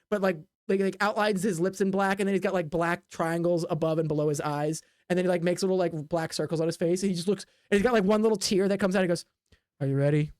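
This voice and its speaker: A woman's voice: medium pitch, dry recording, clean studio sound. A woman narrating as game master of a tabletop game, rambling with many fillers and sound effects. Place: home desk.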